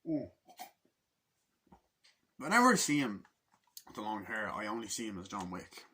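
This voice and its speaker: A man's voice: on the low side, very animated, moderate pace, pushed and bright, a little hiss or hum. A young man giving a casual, rambling movie review, swearing freely and acting out scenes with grunts and sound effects.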